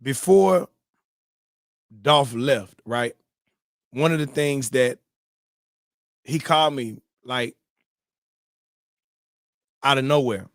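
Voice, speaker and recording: A man hosting a morning live-stream show, giving casual, preachy advice in slangy talk that turns loud and animated, often repeating words. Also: medium pitch, very slow, pauses often, no room sound, clean studio sound. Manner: slangy and conversational, repeats words when fired up.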